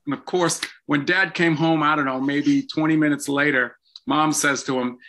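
An older man, a guest in an interview, telling stories from his life in an animated way with frequent ums. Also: medium pitch, normal speed. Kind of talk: storytelling in an interview.

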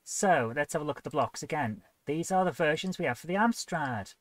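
A woman's voice: deep voice, animated, brisk, dry recording. A woman hosting a live game coding stream, chatty and playful, often joking at her own expense. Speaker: host.

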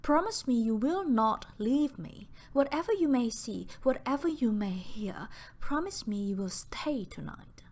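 A woman reading the part of an anxious, pale young woman who pleads in a halting, breathless way, repeating her words. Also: medium pitch, big pitch swings. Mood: fearful, pleading.

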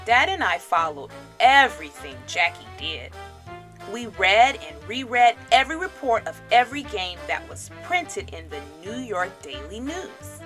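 Bright, lively woman reading a storybook aloud. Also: medium pitch, measured pace, soft background music. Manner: dramatic, shouts crowd chants. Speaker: children's book reader. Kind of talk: expressive read-aloud storytelling.

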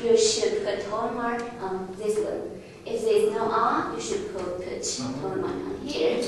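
Slow-spoken woman teaching a class. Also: medium pitch, crowd noise. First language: Chinese. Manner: slow, patient, laughs often, restarts phrases. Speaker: Chinese language teacher. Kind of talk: classroom lesson. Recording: echoey room from far off, faint noise.

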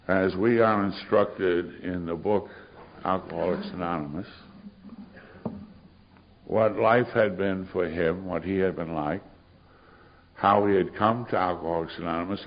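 An older man with a very low voice tells his story to a meeting with dry, sardonic wit. The recording is muffled, with a faint hiss underneath. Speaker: AA speaker. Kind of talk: recovery story talk. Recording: muffled recording of a live talk.

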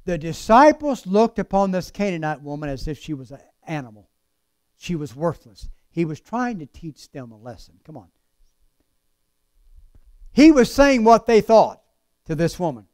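A man preaching a sermon with passion, drawing out key words slowly and then rushing through quick asides. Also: high voice, very animated, darkish tone, clean tone, no echo, studio quality. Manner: impassioned, swings between slow emphatic lines and fast asides.

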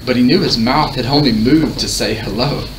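A man reading a novel aloud in a measured, expressive way. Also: mid-range voice. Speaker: audiobook reader. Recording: roomy, distant mic, faint hiss.

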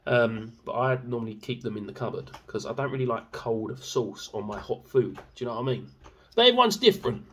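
A man's voice: medium pitch, lively intonation, brisk, fairly bright tone. A young man chatting casually in a sauce review vlog, rambling with fillers and swearing freely. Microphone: camera mic.

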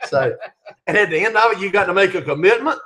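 A man's voice: high voice, lively intonation, fast talker, sharp tone. A middle-aged man hosting a casual live chat, reading out viewer questions and answering them. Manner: reads viewer questions aloud, chatty.

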